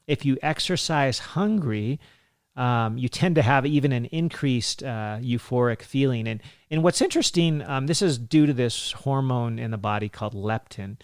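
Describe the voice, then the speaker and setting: A man's voice: mid-range voice, clear, resonant tone, dry recording, clean studio sound. A man in his forties hosting a health podcast, talking casually with lots of fillers and laughs. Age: 40s. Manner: chatty, laughs often, many fillers. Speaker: physician podcast host.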